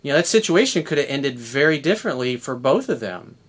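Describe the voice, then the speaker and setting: A man in his fifties with a voice of ordinary middle pitch, talking as a dating coach. He speaks bluntly and conversationally, swearing casually as he works through a coaching monologue. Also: sing-song, a little fast. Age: 50s.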